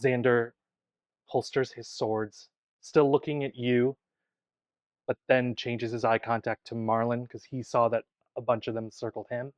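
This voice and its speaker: A man narrating a tabletop game as game master, in an animated way. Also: medium pitch, a little slow, no room sound.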